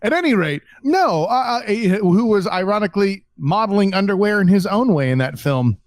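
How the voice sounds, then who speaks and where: High-voiced man, rambling banter, dry sound. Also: expressive, normal speed, no echo. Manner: rambling, blunt, swears. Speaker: podcast co-host. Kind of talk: casual chat.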